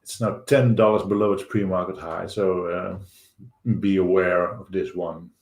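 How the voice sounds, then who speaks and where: A man with a Dutch accent hosting a live stock market show, thinking aloud over charts with halting fillers. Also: sits low, little pitch movement, echoey room. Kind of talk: live trading chart commentary.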